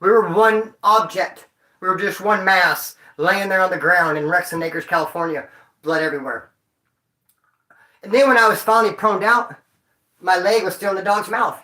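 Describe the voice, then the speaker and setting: A man's voice: high-pitched, steady tone, moderate pace, pushed and bright, roomy sound. A man vlogging, telling stories to his viewers in a rambling, profane way full of street slang. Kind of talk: casual storytelling to viewers.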